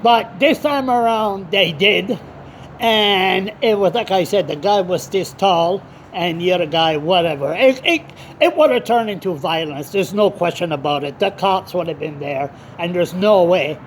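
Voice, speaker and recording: A man talking straight to camera in a rambling, unscripted way, blunt and quick to swear. He drifts between his story and chatting to his dog. There is a faint hum of passing vehicles in the background. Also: high voice. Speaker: blogger. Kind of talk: rambling casual monologue.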